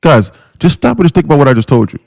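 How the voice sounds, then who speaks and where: A man's voice: fairly high pitch, big pitch swings, very fast, creaky, a little mellow, dry recording. A man who hosts a day-trading live stream, ranting bluntly and repetitively at his viewers, swearing freely and calling them guys and bro. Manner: blunt, profane, repetitive and pushy.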